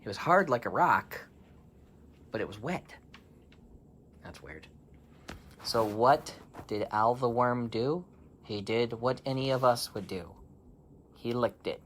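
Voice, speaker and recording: A man telling an improvised bedtime story to children, playful and animated, with sound effects and laughter. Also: medium pitch, takes it slowly, pauses often, slight background noise.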